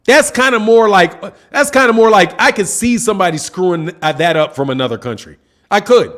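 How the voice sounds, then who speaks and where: This boxing channel host has a high, fairly bright voice and speaks animatedly at a moderate pace. He addresses his live chat in casual slang during his livestream commentary, often saying things twice for emphasis.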